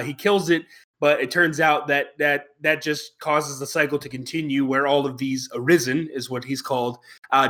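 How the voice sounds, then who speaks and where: A man's voice: on the high side, bright, forceful tone. A man co-hosting a podcast, reviewing an anime in casual chat, wry and rambling with plenty of fillers and restarts. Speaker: podcast co-host.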